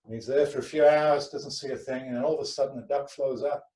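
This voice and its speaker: A man leading a fitness class, giving calm, rhythmic counting cues, speaking some distance from the microphone. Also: medium pitch, fast. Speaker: fitness instructor. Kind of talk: guiding an exercise class, then telling a joke. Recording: roomy echo, far from the mic.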